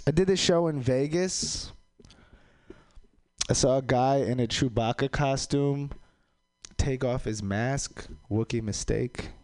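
A man doing a stand-up comedy set, delivering deadpan one-liners with sudden jumps into a loud, high voice. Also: slow pace, pauses often, dry recording. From Caribbean islands heritage.

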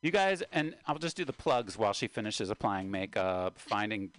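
Brief middle-aged male radio host, playful and lively, swings his pitch a lot, sits close to a dry, dead studio mic. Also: moderate pace, dry recording. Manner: joking, animated, talks over his guest. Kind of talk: casual studio chat. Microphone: studio microphone.

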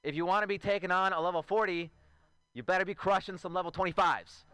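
A man in his twenties working through a stand-up set, chatty and self-mocking, with quick asides to the crowd. His voice sits a little high and sounds crisp and forceful. The sound is dry and close. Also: fairly even intonation, dry recording. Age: 20s. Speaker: stand-up comedian. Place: outdoor show.

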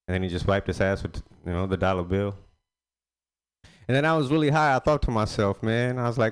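A man on stage telling a stand-up story in a relaxed, anecdotal way. His voice is smooth and clear, and his pitch is mid-range. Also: fast. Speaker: stand-up comedian.

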